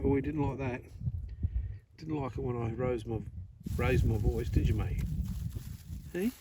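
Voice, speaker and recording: An Australian man vlogging casually outdoors on a farm, chatting easily and talking gently to a wild animal. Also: medium pitch, measured pace, pauses often. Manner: easygoing, chatty, coos softly at an animal. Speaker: metal detecting vlogger. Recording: distant outdoor audio, noisy background.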